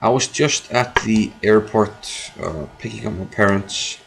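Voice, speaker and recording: A man streaming his own chess game, commenting live as he thinks aloud, repeating phrases and filling pauses. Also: on the low side, vocal fry, slightly rough.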